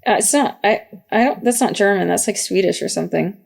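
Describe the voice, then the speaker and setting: A woman's voice: medium pitch, a little fast, gravelly. A woman in her thirties co-hosting a podcast, chatting casually, laughing often and reading book reviews aloud. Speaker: podcast co-host.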